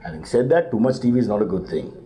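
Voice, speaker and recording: Brisk middle-aged comedian guest, deadpan delivery, warm low timbre. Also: male voice. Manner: deadpan comic asides, jumps to high mock voices. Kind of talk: comic chat answering parenting questions.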